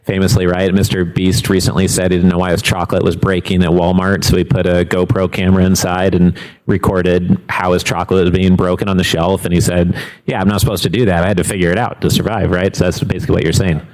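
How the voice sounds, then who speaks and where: Male host, low deep voice, affirming interviewer who sets up questions with examples. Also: level tone, quick pace, a little mellow, low-quality recording. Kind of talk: fireside chat interview. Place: stage before a live audience.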